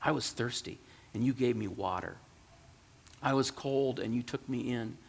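A man voicing a quiet, solemn divine voice. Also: medium pitch, normal speed, vocal fry, breathy edge. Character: calm, gentle divine male voice. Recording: long hall reverb.

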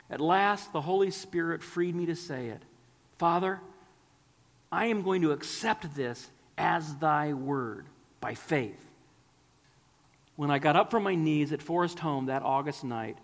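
A man's voice: on the high side, in a large hall. A man preaching a sermon, earnest and pleading, sometimes dropping to a whisper.

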